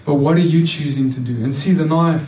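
A man's voice: fairly high pitch, a little fast, recorded from a distance, highs cut off. A man preaching a sermon in an earnest, repetitive way, often restarting and stammering over words. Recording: echoey room, voice off-mic.

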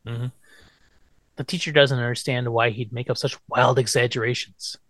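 A man's voice: mid-range voice, fairly even intonation, moderate pace, a bit bright, no echo. A man hosting a podcast, recapping a TV episode in casual chat, swearing freely and quoting characters playfully. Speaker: podcast host.

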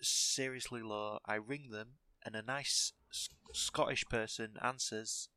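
A man on a casual podcast, speaking candidly and haltingly. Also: fairly low pitch, steady tone, bright, forceful tone, clean tone. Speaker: podcast guest.

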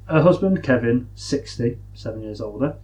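A man's voice: medium pitch, animated, normal speed, warm tone, low-quality recording. A man hosting a casual podcast chat, reading a news story aloud with joking asides. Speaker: podcast host.

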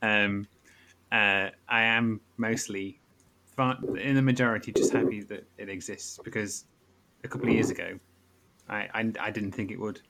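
A man's voice: lowish voice, fairly even intonation, normal speed, gravelly, bright, forceful tone, a little hiss or hum. A man chatting casually as a podcast host, rambling with frequent restarts and jokes. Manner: rambling, stammers and restarts, jokey. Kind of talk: casual chat.

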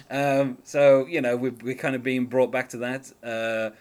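A man's voice: medium pitch, steady tone, a little slow, a little mellow. A man hosting a music podcast in casual chat, talking in a hesitant, rambling way with lots of fillers. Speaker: podcast host.

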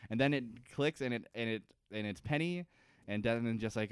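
A man's voice: mid-range voice, fairly quick, clear, resonant tone, dry recording, clean studio sound. A man co-hosting a casual podcast, rambling through a TV episode recap and acting out the characters' lines in playful mock voices, with casual swearing. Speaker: podcast co-host.

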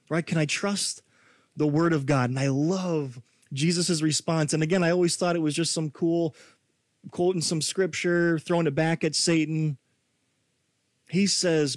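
A male pastor preaching a sermon in a conversational, animated way, full of rhetorical questions. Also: fairly high pitch, measured pace, dry recording.

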